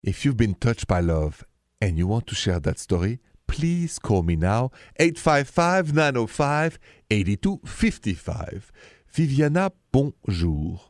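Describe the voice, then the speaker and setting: A man's voice: medium pitch, sing-song, takes it slowly, no echo, studio quality. French-accented male radio host. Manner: chatty, warm greetings, storytelling. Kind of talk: radio advice call-in chat.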